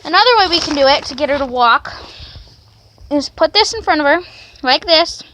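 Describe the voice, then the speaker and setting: Woman vlogger, very high voice, coaxing dog-training demo, faint background hiss. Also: animated, normal speed, sharp tone, rough recording. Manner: coaxing commands to a dog between explanations. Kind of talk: casual training demonstration.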